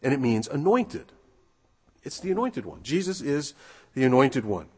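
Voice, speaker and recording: A man preaching a sermon in a relaxed, conversational way, asking his listeners rhetorical questions and pausing on fillers. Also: medium pitch. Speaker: pastor. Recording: husky voice with long hall reverb.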